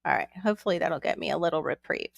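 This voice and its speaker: A chatty woman hosts a casual live stream from home, rambling from one thing to the next and greeting her viewers one by one. Her voice has a gravelly, creaky edge, and the sound is close and dry with no room echo. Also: deep voice, expressive, racing. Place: at home with her young son nearby.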